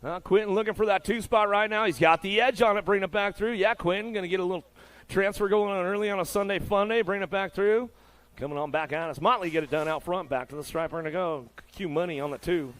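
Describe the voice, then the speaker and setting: Race announcer, man, somewhat high voice, quick slangy play-by-play, hyped but easygoing. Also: fairly bright tone. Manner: hyped, laid-back slang-filled patter. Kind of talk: live play-by-play commentary.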